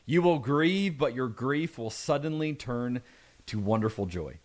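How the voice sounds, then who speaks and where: A man's voice: mid-range voice, expressive, unhurried. A middle-aged man preaching a conversational sermon, reading scripture aloud and adding playful asides. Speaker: pastor.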